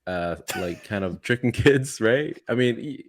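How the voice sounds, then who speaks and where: A man's voice: mid-range voice, lively intonation, unhurried. A man in his thirties co-hosting a podcast, casual and laid-back, swearing often and laughing a lot. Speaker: podcast co-host. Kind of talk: casual chat.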